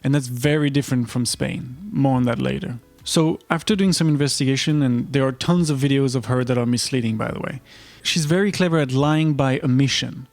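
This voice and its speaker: A man's voice: medium pitch, brisk, few pauses, no echo. Wry man delivering vlog commentary. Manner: incredulous, wry asides. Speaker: online commentator.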